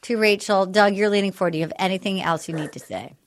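A woman hosting a casual recap chat, talking frankly and bluntly with a joking, animated delivery. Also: medium pitch, fast talker. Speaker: podcast host.

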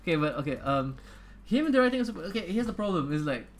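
A man's voice: on the high side, very animated, fast talker. A man co-hosting a podcast, chatting casually about films, rambling and swearing with frequent laughs. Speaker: podcast co-host.

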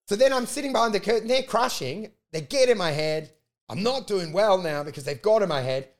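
Profane man telling animated stories. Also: sits high, fast. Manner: profane, animated storytelling with acted-out quotes. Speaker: comedian. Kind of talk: casual storytelling chat.

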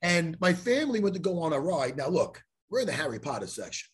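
A man hosting a podcast, telling a story in a profane, animated way and acting out the lines of the people in it. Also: a little high, fast, husky. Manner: profane, animated storyteller who acts out quotes. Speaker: podcast host. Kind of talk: casual storytelling chat.

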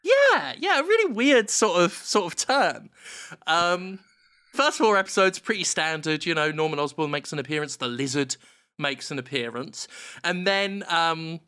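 A young man rambling through a deadpan comedic story in casual chat. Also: on the high side, normal speed.

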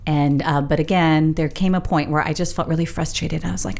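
Middle-aged woman, low-pitched, rambling personal story, reflective, laughs lightly. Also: steady tone, fairly quick, gravelly, a little mellow. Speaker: storyteller sharing her spiritual journey.

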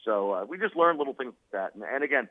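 A male sports broadcaster, a guest on a radio show, chatting quickly over the phone with many fillers and laughs. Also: medium pitch, animated, dry recording. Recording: tinny phone line.

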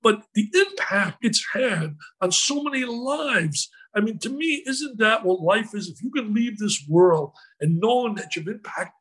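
A man telling a story as an interview guest, in an animated, emotional way. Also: high-pitched, measured pace, hardly any pauses, slightly rough, low-quality recording.

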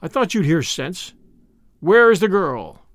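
A man's voice: sits high, sing-song, measured pace, fairly bright tone, dry recording, full character voice. A man voicing a brash young American man with an American accent in an audiobook, drawling and cheerfully menacing. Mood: threatening. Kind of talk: audiobook character voice.

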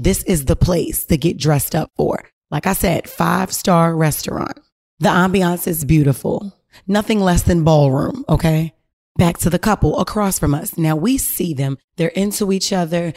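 Woman podcast host doing story time, kinda low voice, talks slangy and swears a lot, really animated, chatting straight at the listeners. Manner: animated, slangy and profane, addressing listeners directly. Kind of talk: casual storytelling.

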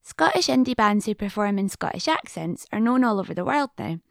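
A woman hosting and narrating a documentary in a measured, informative way. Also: medium pitch, very animated, gravelly, fairly bright tone, no echo. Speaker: documentary host. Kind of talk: scripted narration.

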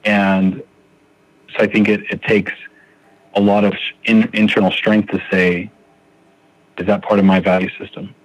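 Deep-voiced man in earnest recovery talk. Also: level tone, normal speed, pauses often, dry recording, lo-fi sound. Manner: earnest, thinks aloud with many restarts. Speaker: podcast guest sharing recovery. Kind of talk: reflective recovery podcast talk.

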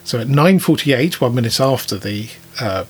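A man's voice: mid-range voice, expressive, moderate pace, husky. A man co-hosting a podcast, telling listener stories in a chatty way with frequent chuckles. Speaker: podcast co-host. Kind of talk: casual podcast chat.

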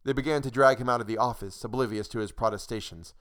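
A man narrating a short story in a measured, dry reading voice. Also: mid-range voice, fairly bright tone, clean tone.

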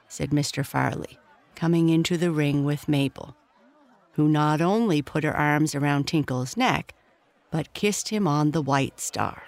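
A narrator reading a bedtime children's story in a gentle, even storytelling voice. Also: mid-range voice, unhurried, creaky.

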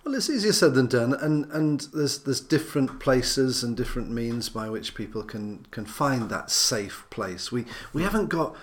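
Earnest, thoughtful man in mid-range pitch. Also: animated, moderate pace, hardly any pauses. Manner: earnest, thoughtful, restarts phrases while thinking. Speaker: interview guest, minister. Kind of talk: reflective podcast interview.

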